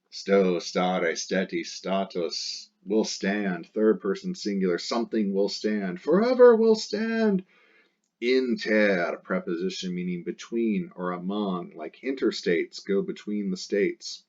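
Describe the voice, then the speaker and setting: Male Latin tutor, low voice, slow, patient explaining, dull lo-fi sound. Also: darkish tone. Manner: slow, patient, breaks into dramatic emotional readings of the text. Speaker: Latin teacher. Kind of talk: recorded Latin lesson, translating line by line.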